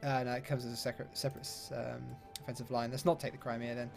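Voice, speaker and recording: A man's voice: mid-range voice, flat delivery, fast talker, creaky, a little mellow, soft background music. A man giving chatty, upbeat let's-play commentary with British slang and mild swearing. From London, England. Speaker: gaming YouTuber.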